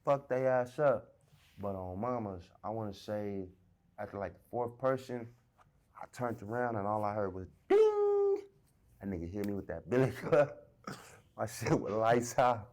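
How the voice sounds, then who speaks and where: Low-voiced Los man telling a story. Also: sing-song, unhurried, darkish tone. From South Central Los Angeles. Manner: swaggering, profane, acts out both sides of arguments. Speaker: interviewee. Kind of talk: recounting a street story.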